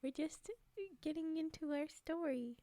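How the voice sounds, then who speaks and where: Young woman reading folktales on stream, dark mellow tone, dry sound, keeps giggling. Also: high-pitched, fairly even intonation, a little slow, dry recording. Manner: giggly, chatty, laughing asides. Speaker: livestream storyteller. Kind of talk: folktale reading with chatty asides.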